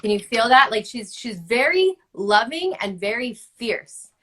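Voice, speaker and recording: A woman's voice: on the high side, big pitch swings, a little slow, fairly bright tone. A woman in her thirties coaching a guest over a video call, passionate and emphatic, with lots of "like". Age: 30s. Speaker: host, book-writing coach. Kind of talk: spiritual coaching conversation.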